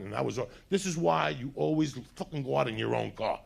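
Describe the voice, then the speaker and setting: A man doing stand-up, telling a rambling, profane story in casual talk and acting out other people's lines, a little high. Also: expressive, fast talker, vocal fry, breathy edge. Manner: acts out other people's lines in put-on voices. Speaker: stand-up comedian.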